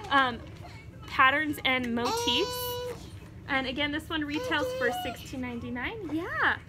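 Breathless high-voiced young mom vlogger. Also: female voice, sing-song, measured pace. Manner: chatty, keeps breaking off to talk to her toddler. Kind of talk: casual show-and-tell chat. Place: at home with a TV on. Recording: home video with background noise.

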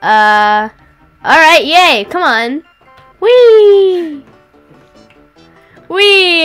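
A woman's voice: very high voice, drawn-out words, pauses often, faint music behind. A woman giving casual game commentary, exclaiming and crying out as she plays. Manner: excitable, cries out and exclaims. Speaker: gameplay commentator.

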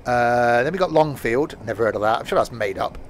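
A man's voice: mid-range voice, lively intonation, fairly quick, slight background noise. A man casually chatting while live-streaming a train game, rambling and joking to himself and his chat at a home desk mic.

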